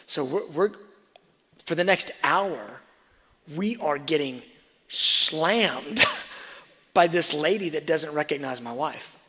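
A man preaching a sermon, telling a personal story and swinging between soft asides and loud emphasis. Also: fairly high pitch, lively intonation, slow pace, pauses often. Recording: reverberant hall.

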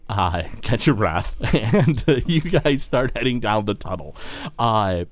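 A man's voice: medium pitch, lively intonation, slow, dry recording. A man running a tabletop game as game master, narrating scenes with many filler words. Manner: rambling, full of filler words.

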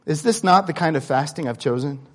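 A man preaching a sermon in a conversational, candid way, swinging between loud emphasis and quiet asides. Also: a little high, brisk. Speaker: pastor.

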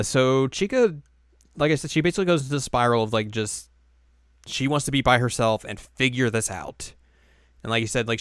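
A man's voice: on the low side, fairly bright tone, clean tone, no echo, clean studio sound. A man co-hosting a podcast, recapping an anime in a rambling, casual way with many fillers. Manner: rambling, filler-heavy, often acts out lines. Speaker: podcast co-host.

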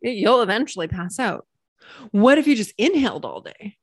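A woman hosting a solo podcast as a coach, bubbly and animated with playful exclamations. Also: mid-range voice, moderate pace, slightly rough, no room sound, studio quality.

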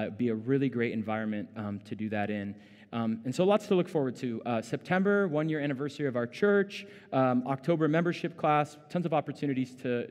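A man's voice: medium pitch, a little mellow. A man preaching in a church, his mid-range voice ringing with a long hall reverb. He talks conversationally, full of ums and uhs, and rises in intensity when he voices questions. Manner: conversational, many fillers, rising intensity when quoting. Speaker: pastor. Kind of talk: sermon. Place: church sanctuary.

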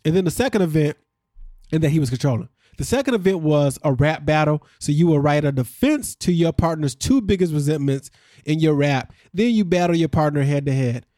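A man's voice: fairly high pitch, lively intonation, brisk, mellow, dry recording, studio quality. A man hosting a podcast, recapping a reality show in casual chat and acting out what people said.

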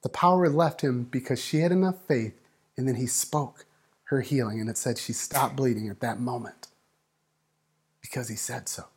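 A man preaching a sermon, building up and dropping to a hush, acting out voices in the story. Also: medium pitch, normal speed, husky. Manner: dynamic preaching, swings from loud to hushed. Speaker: pastor.

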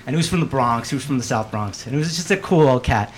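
A man telling stories as a guest in casual, profane, animated chat. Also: mid-range voice, quick pace, a little hiss or hum.

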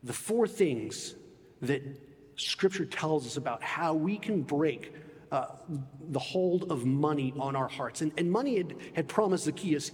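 A man preaching a sermon in an emphatic way, often dropping low and soft on key phrases. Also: animated, measured pace, in a large hall.

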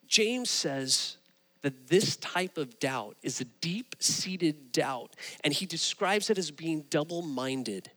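Man preaching in a reverberant hall. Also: a little high. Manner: animated storytelling with rising emphasis. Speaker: pastor. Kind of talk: sermon.

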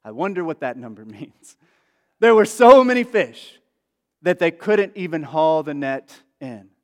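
Unhurried and very animated, a man with a slightly high, somewhat mellow voice preaches as a pastor. The sermon is conversational and chatty, scattered with asides and fillers, and it echoes with the long reverb of a large hall.

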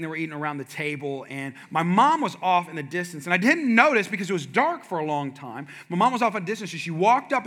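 Animated pastor, high bright voice. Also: male voice. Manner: animated, humorous, talks to congregation. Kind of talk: sermon with storytelling.

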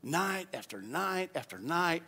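A man preaching a sermon, moving from quiet storytelling to loud, shouted preaching and leading the congregation in call-and-response. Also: fairly high pitch, very animated, a little slow, gravelly. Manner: leads the congregation in repeating phrases. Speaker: pastor.

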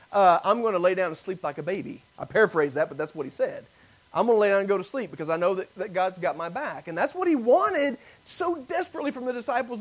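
Animated man preaching with lively pitch. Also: rough recording. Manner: animated preaching, acting out biblical voices, rising and dropping to near whispers. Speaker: pastor. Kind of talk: sermon.

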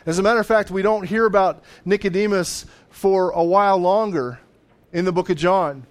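A man's voice: sits high, moderate pace. A man preaching a sermon in a conversational way, sometimes acting out voices of the people in the story. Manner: conversational, acts out voices of biblical figures, with laughs. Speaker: pastor.

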